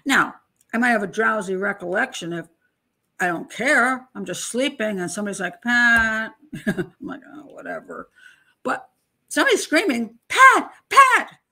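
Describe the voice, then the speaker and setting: Husky older woman giving emphatic true-crime commentary. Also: mid-range voice, animated, moderate pace, bright, forceful tone. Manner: emphatic, incredulous, mocks testimony with acted-out voices. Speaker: criminal profiler and channel host.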